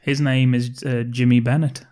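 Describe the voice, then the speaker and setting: A man's voice: mid-range voice, little pitch movement, moderate pace, warm tone. A man, co-hosting a podcast and rambling through a film's plot, swearing and laughing as he goes. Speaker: podcast co-host. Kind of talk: casual film-review chat.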